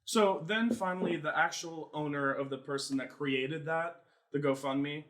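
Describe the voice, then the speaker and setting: A young man in his twenties, co-hosting a podcast, telling a story in casual chat, animated and swearing freely, acting out other people's lines in a high mocking voice. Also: normal speed. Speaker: podcast co-host.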